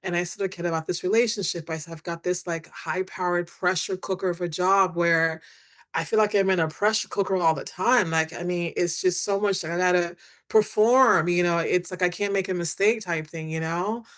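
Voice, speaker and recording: Middle-aged woman guest, chatty and animated storyteller, talks in quoted dialogue. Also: on the low side, fairly quick. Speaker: guest, attorney and author. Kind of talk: candid storytelling in a podcast interview.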